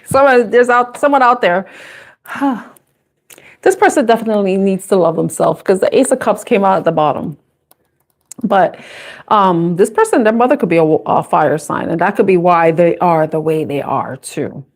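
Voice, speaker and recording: A woman's voice: medium pitch, expressive, moderate pace. A young adult woman doing a live intuitive tarot reading, chatty and casual, laughing often and swearing freely. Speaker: tarot reader.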